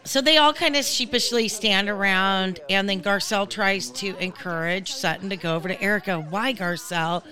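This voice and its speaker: A woman hosts a casual recap podcast with a bright, forward voice. She talks bluntly and swears now and then. She drifts into tangents before pulling herself back. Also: mid-range voice, moderate pace, few pauses. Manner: chatty, blunt and profane, goes off on tangents. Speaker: podcast host.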